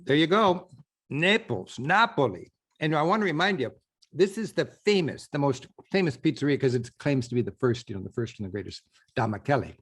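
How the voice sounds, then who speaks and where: Husky-voiced man hosting a travel show. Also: mid-range voice, lively intonation, fairly quick, a bit bright. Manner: enthusiastic, chatty, repeats for emphasis. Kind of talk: casual on-location talk to camera.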